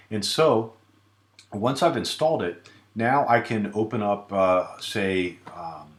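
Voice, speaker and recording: A man giving a relaxed screen-recorded software tutorial, with many filler sounds. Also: deep voice, echoey room. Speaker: tutorial presenter.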